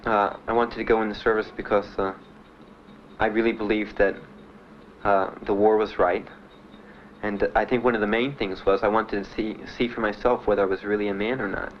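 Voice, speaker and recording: Older man, interviewee, halting and plain, fillers throughout; dull, slightly noisy archival audio. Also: fairly low pitch, flat delivery. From Miami. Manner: plain, halting storytelling with many "uh"s and "you know"s. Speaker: Vietnam veteran interviewee. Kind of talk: personal recollection in an interview.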